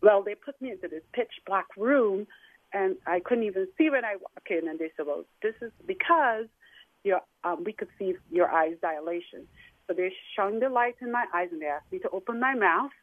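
A woman's voice: mid-range voice, expressive, no echo. A middle-aged woman recounts her story as a caller, her voice emotional and stopping and starting. The sound is narrow and tinny, carried down a phone line, and dry with no room around it. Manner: emotional, halting. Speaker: guest caller. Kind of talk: telling a personal story.

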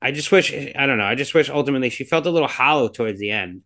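Animated and rapid-fire, this man talks in a medium-pitched, somewhat bright voice. He co-hosts a podcast and reviews a film through casual, rambling chat, hedging constantly and relying on fillers like "you know" and "like."

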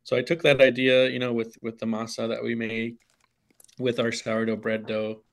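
A man with a gravelly, creaky voice explains his baking in a radio studio, earnest and halting, often restarting his sentences. His pitch is medium. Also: monotone. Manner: hesitant, many restarts, earnest. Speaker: guest baker. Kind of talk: studio interview.

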